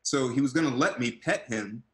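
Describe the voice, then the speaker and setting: A man in his forties, an actor, chatting as an interview guest over a video call and telling stories animatedly, with loud excited quotes. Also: mid-range voice, moderate pace, slight background noise, poor audio. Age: 40s.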